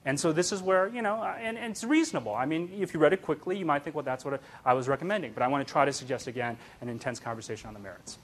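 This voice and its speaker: A man delivering a public talk, animated and emphatic. His voice sits a little high, and he keeps checking in with the audience with "right?" while stumbling through the odd "uh". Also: racing, hardly any pauses. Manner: animated, emphatic, frequent "right?" tags and fillers. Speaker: speaker giving a public talk. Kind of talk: lecture with audience.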